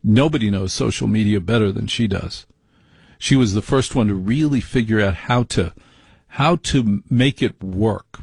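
Brash, husky-voiced man ranting. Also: fairly low pitch, darkish tone, dry recording. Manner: brash, rambling, mock-exasperated. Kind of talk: opinionated monologue.

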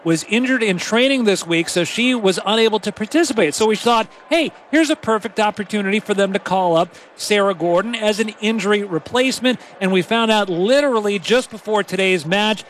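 A man's voice: high-pitched, fairly quick, few pauses, a bit bright, slight background noise. A man giving halftime radio commentary from a stadium booth, emphatic and openly opinionated. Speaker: radio broadcaster.

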